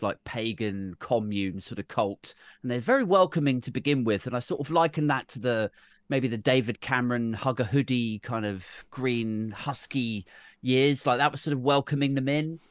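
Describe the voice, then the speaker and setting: A man's voice: medium pitch, moderate pace, no echo. A man co-hosting a casual political podcast, loose and rambling, swearing freely. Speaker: podcast co-host.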